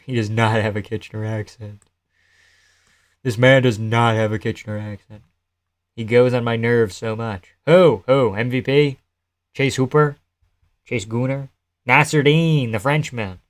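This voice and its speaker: A man's voice: mid-range voice, moderate pace, pauses often. Man rambling casually on a live stream. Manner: loose, rambling, profane, answers chat messages. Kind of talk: casual live-stream chat reacting to a fight card.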